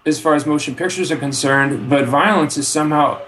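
A man talking in a relaxed, rambling way as a podcast guest. He swears freely and keeps dropping in "you know". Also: on the high side, fairly quick. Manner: laid-back, swears freely, rambling asides; trails off with frequent "you know". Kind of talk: casual chat.

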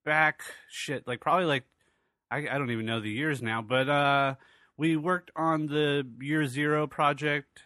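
Bright, crisp-voiced male podcast host. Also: on the high side, fairly even intonation, a little slow, dry recording. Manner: rambling, loose and profane, with many fillers. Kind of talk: casual podcast chat.

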